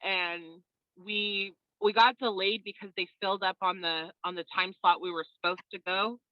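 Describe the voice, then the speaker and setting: A woman guest chatting casually on a video call, an animated storyteller who laughs often. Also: mid-range voice, moderate pace, dry recording, highs cut off. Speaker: interview guest.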